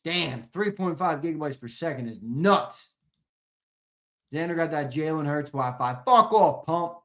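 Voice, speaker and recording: Profane, excitable male sports show host. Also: fairly high pitch, measured pace. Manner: profane, excitable ranting with sudden loud outbursts; jokey banter, reacting to comments and laughing. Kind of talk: casual livestream chat with viewers.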